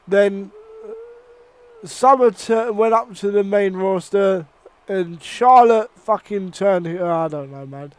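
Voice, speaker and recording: A young man giving casual, excitable, swearing play-by-play commentary over a wrestling video game. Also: high-pitched, measured pace, smooth. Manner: excitable and profane, with sudden outbursts. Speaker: gaming channel host.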